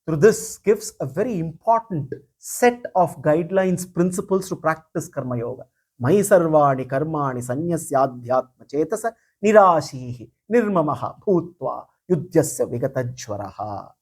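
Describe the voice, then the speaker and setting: A man giving a spiritual discourse as a teacher, speaking deliberately, repeating key phrases and reciting verses. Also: high-pitched.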